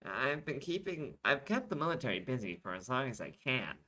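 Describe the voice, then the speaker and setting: A man's voice: mid-range voice, big pitch swings, a little fast, bright, forceful tone, voice pushed up, poor audio. A man voicing a worried young male soldier who gives an urgent report.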